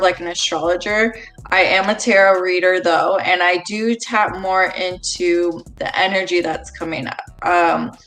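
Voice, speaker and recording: A woman's voice: lowish voice, a bit bright, low-quality recording. A woman guest, a tarot reader, explaining her work in easygoing casual chat with many fillers.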